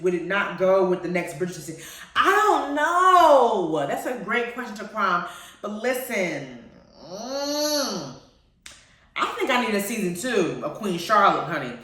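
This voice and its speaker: A woman hosting a radio show, chatting casually about TV shows in a playful, animated way and laughing often. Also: medium pitch. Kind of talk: casual chat reviewing TV shows. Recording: very echoey, far from the mic.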